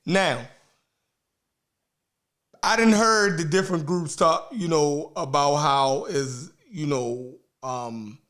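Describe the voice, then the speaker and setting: A man hosting a casual discussion who speaks slowly, with many pauses, "um"s and "right"s. His voice sits a bit high for a man. He picks his words as he goes. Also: a bit bright. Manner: slow, hesitant, lots of um and right.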